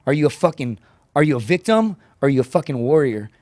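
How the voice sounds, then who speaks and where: Podcast guest: quick, slightly high voice, foul-mouthed storyteller, dry sound. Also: male voice, sing-song, darkish tone, dry recording. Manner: profane, rapid storytelling with frequent "dude" and "right?"; acts out quoted voices with raised pitch.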